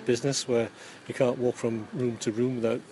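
Captured on an interviewer's phone, a former chemistry teacher turned yarn dyer from Newcastle, England, gives casual answers in a Geordie accent, rambling with dry wit and many ums. He's middle-aged, with a dark, mid-range voice that barely shifts in pitch and moves fairly quickly over slight background noise.

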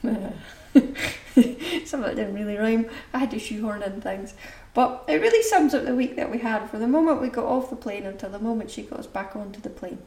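A woman's voice: fairly high pitch, lively intonation, quick pace, few pauses, a little mellow, distant mic. A woman introducing a diary segment in a cheerful, laughing manner. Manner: cheerful, laughing about a rhyme she wrote. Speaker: podcast host introducing a segment. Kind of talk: casual introduction. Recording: roomy, from off the mic.

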